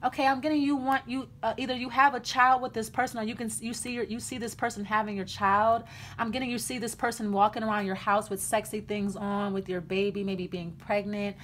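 High-voiced blunt tarot reader woman. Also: flat delivery, brisk, fairly bright tone, slight background noise. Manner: blunt, chatty, frequent restarts and laughs. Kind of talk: casual tarot reading.

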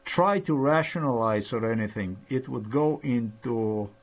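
A man in a rambling personal monologue, halting with many pauses and fillers, sounding aggrieved and accusatory. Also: mid-range voice, expressive. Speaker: vlogger.

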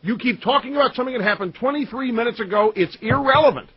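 A man's voice: extremely high pitch, fast, husky, no room sound. A man hosting a call-in radio show, talking in a defensive, stammering way with callers. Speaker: radio talk show host. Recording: muffled radio broadcast.

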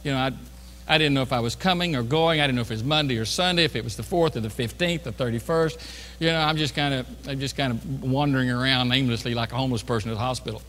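In a church sanctuary, a middle-aged pastor tells a self-deprecating story during his sermon, chatty and constantly restarting. His medium-pitched voice is fast and slightly bright. The reverberant hall carries a little background noise.

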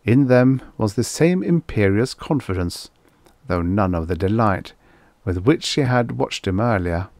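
Guy reading old sci-fi stories aloud, slow and lively, dry close mic. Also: on the low side, no echo. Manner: measured storytelling, expressive. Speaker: audiobook narrator. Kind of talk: scripted narration.

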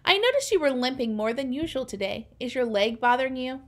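Brief: a gentle, weary silverback gorilla, voiced by a woman, soft and thoughtful, pitched up. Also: lively intonation, a little fast. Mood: wistful. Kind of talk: read-aloud storybook.

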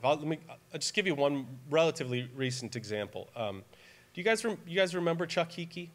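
Male pastor, 40s, sermon delivery; earnest, emphatic, slightly higher-pitched voice. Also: big pitch swings, brisk. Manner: earnest, emphatic, grows quiet and tearful when telling a personal story. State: near tears at times.

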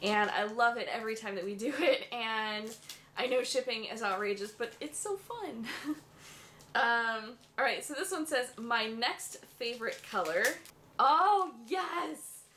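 A young woman, a beauty vlogger, gushing and squealing with excitement as she unboxes a makeup swap. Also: on the high side, normal speed, slight background noise.

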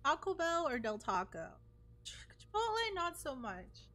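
High-voiced excitable woman streamer. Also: measured pace. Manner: excitable, playfully dramatic, breaks into wailing. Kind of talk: casual gameplay commentary. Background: music.

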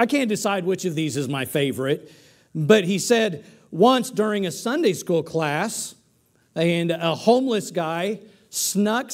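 A man with a high voice preaches a sermon from a church pulpit. He tells his stories with restarts and false starts, then rises to emphatic peaks. The sound is that of a church service livestream. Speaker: pastor. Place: church sanctuary.

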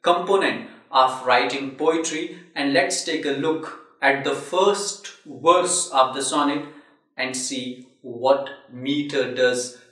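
A man's voice: mid-range voice, slow, fairly bright tone. A man giving a recorded literature lecture, explaining carefully and counting syllables aloud. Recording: very echoey room, mic at a distance.

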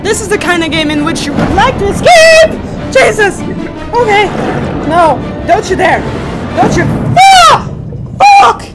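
A woman's voice: extremely high pitch, big pitch swings, normal speed, over loud music, over a noisy crowd. A young woman hosting a gaming video, playing a VR game, screaming, swearing and laughing nervously as she plays. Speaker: gaming channel host. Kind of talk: let's play commentary.

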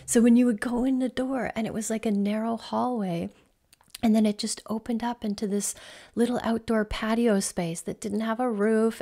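A woman hosts her own coaching podcast and tells a personal travel story off the cuff. Her pitch sits right in the middle for a woman. She rambles cheerfully and fills her sentences with "like" and "so". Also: mellow. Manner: chatty, rambling, peppered with "like".

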